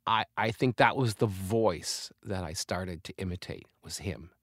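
Candid, reflective man with a low voice. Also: unhurried, no echo, clean studio sound. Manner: reflective and candid, with sudden lively bursts of laughter. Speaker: interview guest, comedian and author. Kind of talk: conversational interview.

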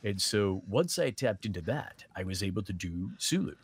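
A man's voice: fairly low pitch, moderate pace, husky. A man who narrates audiobooks, talking casually and thoughtfully about his work, often restarting sentences. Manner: thoughtful, many restarts, quotes others in lively voices. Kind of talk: conversational panel talk.

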